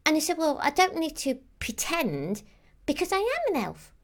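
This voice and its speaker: A woman's voice: high voice, huge pitch swings, normal speed, heavily acted. Woman doing a chatty, innocent Christmas elf. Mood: rambling. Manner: rambling, childlike, full of "like" and "um". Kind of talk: character monologue to camera.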